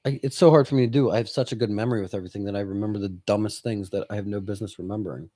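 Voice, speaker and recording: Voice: low-pitched, rapid-fire, no echo, studio quality. A podcast co-host in casual chat, telling stories with lots of laughter and acted-out quotes. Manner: animated storyteller, laughs often, acts out quotes.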